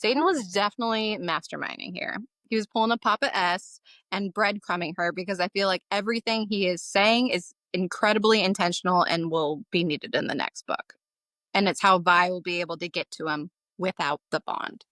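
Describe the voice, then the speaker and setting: A woman's voice: fairly low pitch, a little fast, fairly bright tone, no room sound. A woman co-hosting a casual book-club podcast, teasing and enthusiastic. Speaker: podcast co-host.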